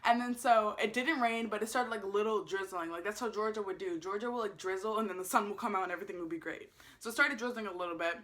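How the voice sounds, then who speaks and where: A woman's voice: medium pitch, fast talker. A young woman telling a casual storytime vlog, acting out the voices of the people in her story and swearing freely. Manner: animated, acts out quotes, swears freely. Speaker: vlogger.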